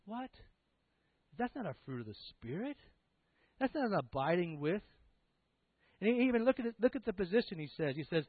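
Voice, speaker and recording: A man's voice: high-pitched, very animated, brisk, long pauses, slightly rough, dry recording. A man preaching a sermon emphatically, full of rhetorical questions. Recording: tinny, dry, phone-like sound.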